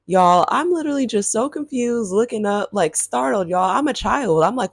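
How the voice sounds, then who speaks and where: A woman's voice: moderate pace, hardly any pauses, no echo. Young woman spilling a storytime, super chatty, jumps way up on the quotes, dry close sound. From Southern California. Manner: animated, chatty, lots of "like" and "y'all", pitch leaps on quoted reactions. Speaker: storytime vlogger. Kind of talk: casual storytelling to camera.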